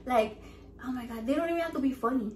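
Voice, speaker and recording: A woman, vlogging casually, loud and profane and mixing with Spanish. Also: high voice, fast. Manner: loud, profane and playful, switching between English and Spanish. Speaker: vlogger running a raffle. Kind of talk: casual vlog chat. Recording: echoey room with faint background noise.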